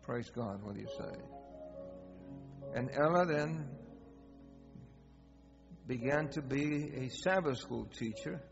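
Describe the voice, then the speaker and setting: A man pastor preaching a storytelling sermon, animated and acting out conversations. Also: mid-range voice, takes it slowly, gravelly, long pauses. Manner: animated, acts out dialogue. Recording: long hall reverb, dull sound, guitar music behind.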